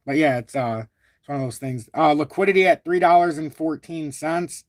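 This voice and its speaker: A man hosting a chatty crypto live stream, with a fairly high voice that sounds close and dry. He is blunt and talks a lot, but stays calm and even-toned even when annoyed. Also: brisk, dry recording. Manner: talkative and blunt, reads super chats aloud. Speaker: crypto livestream host. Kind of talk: live-stream market commentary.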